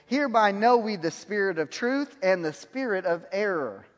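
A man's voice: sits high, lively intonation, moderate pace. A man preaching a sermon, telling stories and laughing at his own anecdotes. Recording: long hall reverb.

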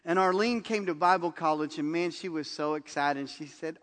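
A man's voice: fairly high pitch, normal speed, long reverb tail. A man preaching a sermon, telling stories and acting out the lines people said in them. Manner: animated storytelling, acts out quotes with laughs. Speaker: pastor.

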